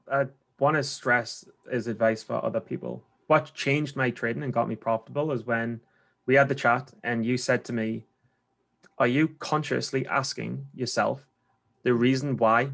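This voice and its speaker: A man's voice: mid-range voice, creaky, fairly bright tone. A man with a Geordie accent from England, talking through his trading habits in a loose, rambling way during a coaching conversation. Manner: rambling, restarts often, slangy. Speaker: trader being coached.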